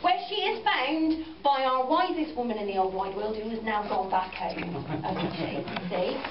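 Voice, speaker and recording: A woman's voice: on the high side, normal speed. A woman telling a story to children at a farm venue, coaxing and playful, with many tag questions. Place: farm venue, roomy space. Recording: echoey, distant, dull with background noise.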